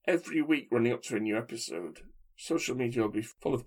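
A man co-hosting a casual chat podcast, wry and opinionated, thinking aloud with pauses. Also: medium pitch, expressive, darkish tone, breathy edge. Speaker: podcast co-host.

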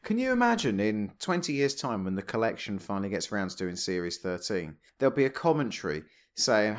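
A man co-hosting a podcast, chatty and quick to laugh. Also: on the low side, sing-song. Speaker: podcast co-host. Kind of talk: casual podcast discussion. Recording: slightly dull, lo-fi audio.

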